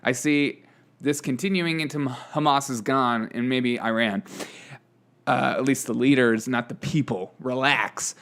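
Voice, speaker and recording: A man's voice: mid-range voice, unhurried, fairly bright tone. A man hosting a political commentary show, reading headlines and making sarcastic asides, often laughing between stories. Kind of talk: casual news commentary.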